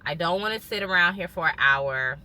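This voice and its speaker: A woman speaks straight to her viewers in a relaxed storytime vlog, retelling events with lively quoted dialogue. Her voice sits a little low but has a crisp, bright edge. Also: brisk. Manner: animated retelling, quotes others' words. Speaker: lifestyle vlogger. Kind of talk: casual storytime monologue.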